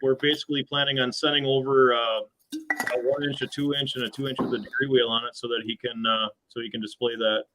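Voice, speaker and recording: A man's voice: medium pitch, flat delivery, a little fast, pushed and bright, rough recording. A middle-aged American man, a machine shop owner, talking earnestly and hesitantly as an interview guest. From USA. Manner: earnest, hesitant with frequent restarts. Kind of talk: casual interview chat.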